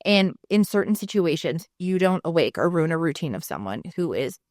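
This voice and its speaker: A woman's voice: low voice, normal speed, dry recording, clean studio sound. A woman in her thirties co-hosting a podcast, telling a personal story candidly and with frequent swearing. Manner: frank, swears freely, animated retelling. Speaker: podcast co-host.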